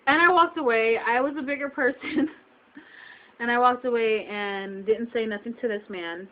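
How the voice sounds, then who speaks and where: A young woman with a slightly high voice vents to her webcam, upset and close to tears. She repeats herself and throws out rhetorical questions. The audio is dull and lo-fi. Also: normal speed. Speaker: vlogger. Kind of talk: emotional venting to camera.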